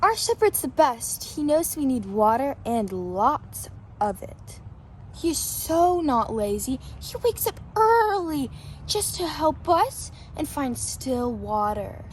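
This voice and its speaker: A woman's voice: sits high, big pitch swings, slow pace, a little hiss or hum, full character voice. A woman voicing a caring, tender-hearted sheep who asks eager questions, in an amateur scripture drama.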